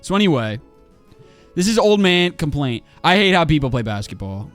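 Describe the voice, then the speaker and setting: A man's voice: on the high side, big pitch swings, moderate pace, a bit bright, soft background music. A man in his twenties ranting casually on a livestream while he plays a game, swearing a lot and full of fillers and restarts. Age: 20s.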